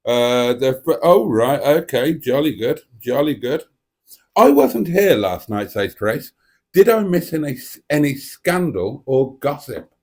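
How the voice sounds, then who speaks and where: A man hosts a live stream from his dining table at home, speaking into a desk microphone at a middling pitch. He rambles along, mocking himself with theatrical flourishes as he chats to his viewers. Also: darkish tone. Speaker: livestream host. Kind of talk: casual live stream chat.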